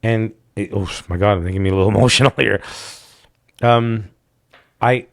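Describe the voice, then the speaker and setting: A man's voice: on the low side, moderate pace, gravelly. A man hosting a casual podcast chat, talking candidly and rambling, often breaking off and restarting his sentences. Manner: rambling, candid, self-interrupting. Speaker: podcast host.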